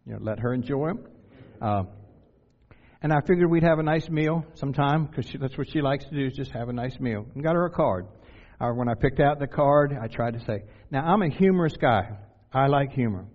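A man's voice: medium pitch, brisk, in a large hall, lo-fi sound. A man from Delaware preaching a sermon in a conversational way, putting questions to his listeners and adding self-deprecating humor. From Delaware, USA.

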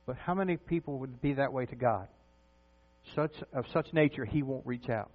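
A man's voice: medium pitch, normal speed. A man preaching a sermon, talking conversationally and putting questions to his congregation. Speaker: pastor. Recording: tinny phone-like sound with mains hum.

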